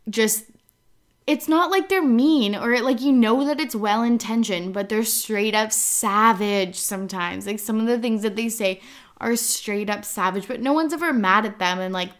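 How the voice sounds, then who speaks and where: A woman in her twenties from British Columbia, Canada hosts a casual solo podcast, rambling chattily, laughing frequently, and saying "like" constantly. Her voice is mid-range with a fairly bright tone.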